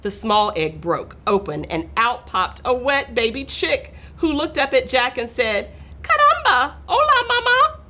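A middle-aged woman reading a picture book aloud to children, expressive and talking to her young listeners. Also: on the high side, measured pace, hardly any pauses. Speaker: school administrator reading aloud.

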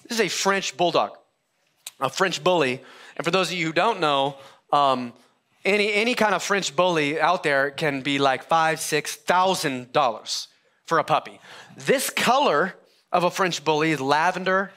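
Bright-voiced pastor telling a story. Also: male voice, fairly high pitch, animated, moderate pace. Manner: conversational, self-interrupting storytelling with humor. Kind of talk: sermon. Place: church sanctuary.

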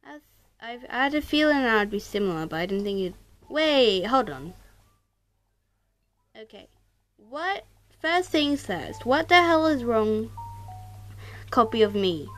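High, lively woman gaming vlogger. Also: a little slow, pauses often, faint music behind. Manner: excitable, exclaims and mildly swears; talks straight to viewers. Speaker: gaming YouTuber. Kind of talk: casual let's-play commentary. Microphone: tablet.

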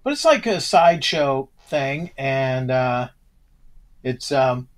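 A man's voice: mid-range voice, expressive, slow pace. A man chatting as a guest on a podcast. He rambles a little, restarting his sentences and letting them trail off. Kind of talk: casual chat.

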